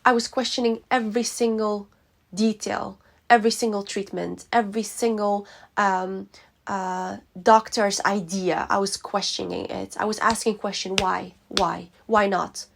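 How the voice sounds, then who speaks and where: Woman, personal vlog storyteller, emotional and sincere, slight vocal fry. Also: mid-range voice, fairly even intonation, moderate pace. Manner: emotional, heartfelt, with hesitations. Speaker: vlogger.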